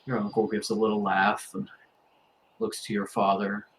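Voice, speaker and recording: A man as game master, narrating a tabletop role-playing scene in a grave, unhurried second-person storytelling manner. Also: fairly low pitch, little pitch movement, a bit bright, slight background noise, poor audio.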